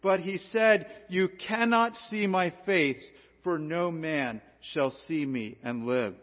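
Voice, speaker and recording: A man preaching a sermon, swinging from loud emphasis to hushed low tones. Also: slow pace. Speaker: pastor. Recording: dull lo-fi sound in a reverberant hall.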